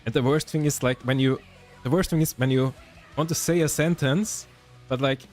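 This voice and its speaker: A young German man with a German accent chats casually with his stream viewers, rambling and correcting himself often. His mid-range voice moves at a normal speed over soft background music.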